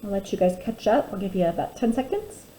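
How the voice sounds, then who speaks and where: A woman teacher giving a phonics lesson to young children, sounding out words slowly and clearly and encouraging them warmly. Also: medium pitch, lively intonation, slight background noise, low-quality recording. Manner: warm, encouraging teacher talk.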